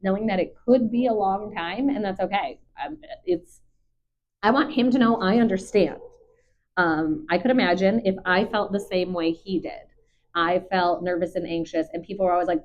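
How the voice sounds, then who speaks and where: A woman dog trainer calmly talking through a training session, chatty and patient with frequent ums. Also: mid-range voice, moderate pace. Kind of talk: live dog training commentary. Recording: dull lo-fi recording.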